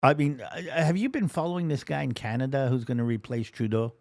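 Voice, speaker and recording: A man's voice: medium pitch, lively intonation, fast, vocal fry, a little mellow. A middle-aged man co-hosting a live political commentary show, emphatic, with stammered restarts. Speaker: co-host.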